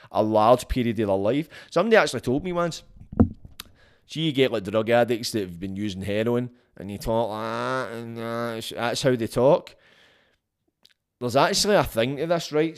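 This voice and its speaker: A man of ordinary pitch talks alone into a podcast mic, casual and unscripted. He speaks bluntly and frankly and swears freely as he goes. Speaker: podcast host. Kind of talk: casual solo podcast monologue.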